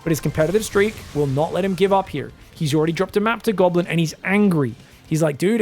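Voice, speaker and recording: Excitable high-voiced male game caster. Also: faint music behind. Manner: fast play-by-play with shouted outbursts. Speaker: esports caster. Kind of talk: excitable live game commentary.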